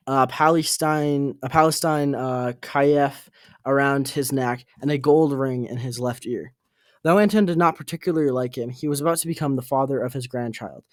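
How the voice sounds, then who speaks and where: A man reading an audiobook aloud, halting and correcting his own slips. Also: medium pitch, dry recording, studio quality. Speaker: audiobook reader.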